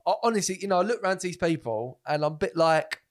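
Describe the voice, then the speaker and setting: A young man tells a story on a podcast in a relaxed, animated way. His voice sits fairly high, and he swears freely and acts out the other people in his stories. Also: fast talker. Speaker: podcast co-host, comedian. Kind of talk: casual chat.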